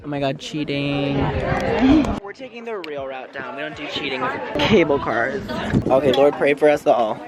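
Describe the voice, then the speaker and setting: A woman's voice: a bass voice, normal speed, loud music behind the voice, over a noisy crowd. A young woman vlogging a desert trip in a bubbly, joking, slangy way, talking into a handheld camera outdoors. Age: young adult. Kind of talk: casual travel vlog.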